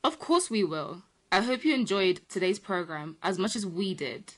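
A woman co-hosts a children's program. Her voice moves up and down in a sing-song way, and she sounds bright and enthusiastic. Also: mid-range voice, very animated, normal speed, breathy edge. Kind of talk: children's TV presenting.

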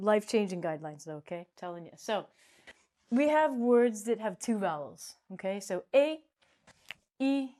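A woman gives a slow, playful English pronunciation lesson. She stretches her words and breaks into sudden high squeals as she explains. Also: darkish tone. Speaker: English teacher.

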